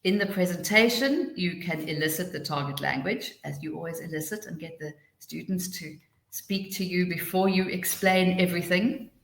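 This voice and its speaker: A woman runs a live teacher-training webinar in a chatty, hurried way, sometimes laughing at herself. Her voice sits a little low. The sound is echoey, as if from a bare room. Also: gravelly. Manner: chatty, rushing then slowing down, laughing asides. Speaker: TEFL trainer hosting a webinar.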